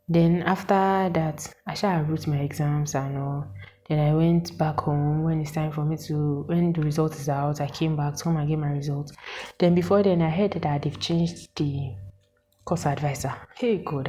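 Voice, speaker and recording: Nigerian girl in her 20s venting a story to camera, low mellow voice, keeps asking do you get. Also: slight background noise, poor audio. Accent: Nigerian English with Pidgin words. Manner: animated and exasperated, asks the viewer questions. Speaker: vlogger.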